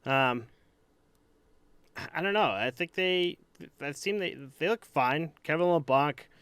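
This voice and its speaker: Guy cohosting a podcast, rambly and unsure, lots of likes, smooth clear voice, dry sound. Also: fairly high pitch, expressive, takes it slowly, fairly bright tone, no room sound. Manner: rambling and hesitant, heavy on "like" and restarts. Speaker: podcast co-host. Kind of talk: casual sports chat.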